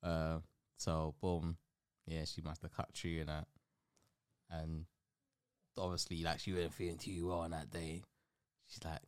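Deep-voiced young man, laid-back. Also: little pitch movement, normal speed, dry recording, clean studio sound. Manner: laid-back, slangy, keeps saying innit. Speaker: podcast host. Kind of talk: casual chat.

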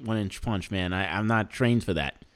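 A man's voice: on the low side, moderate pace, fairly bright tone. A man co-hosting a podcast in casual, jokey, rambling chat, laughing often. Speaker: podcast co-host.

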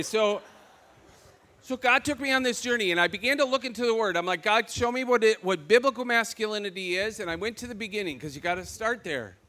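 A man giving a casual, animated preaching testimony with self-deprecating humor and lots of "like" fillers. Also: high-pitched. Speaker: speaker sharing testimony.

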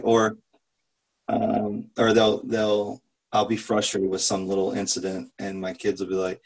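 Gravelly, husky-voiced father sharing. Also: fairly low pitch, completely flat delivery, a little slow, poor audio. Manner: candid, with many restarts and laughs. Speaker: program participant and father. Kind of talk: personal sharing in a group talk.

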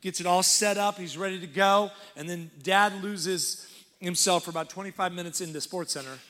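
A man with a Texan accent preaches with a high, bright voice. He is lively and laughs often, slipping into character voices as he tells a comic story from the pulpit. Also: normal speed. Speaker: guest pastor.

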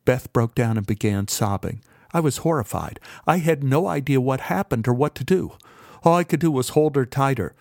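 A man narrates a story in the first person at a measured, steady pace. His voice sits at an ordinary middle pitch, and the recording is dry and close with no room sound. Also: creaky, no echo. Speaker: audiobook narrator.

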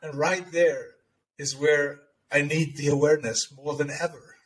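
A man co-hosting a podcast, explaining ideas in a measured, conversational way. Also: fairly high pitch, fairly even intonation, rough recording. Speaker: podcast co-host. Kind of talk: casual conversation. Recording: faint background noise and clicks.

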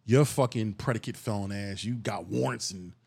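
A man's voice: lowish voice, normal speed, gravelly, a little mellow, slightly rough. Profane, emphatic Philly man on a podcast. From Philadelphia. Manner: profane, emphatic street talk with rising outbursts. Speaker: podcast host. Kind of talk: casual solo podcast monologue.

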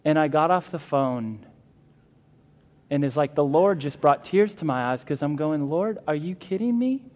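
An earnest male pastor preaching with a fairly high voice, pressing his points and restarting phrases as he goes. His sermon rings with a long reverb in the church hall. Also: measured pace, a little mellow. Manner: earnest, emphatic, with fillers and restarts.

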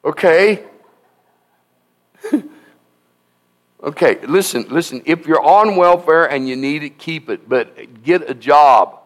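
A man's voice: on the high side, slow pace, pauses often. A man in his seventies preaching a sermon, emphatic and exhorting, often repeating "listen to me" and reading scripture aloud. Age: 70s. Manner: reads scripture aloud in King James phrasing. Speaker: pastor.

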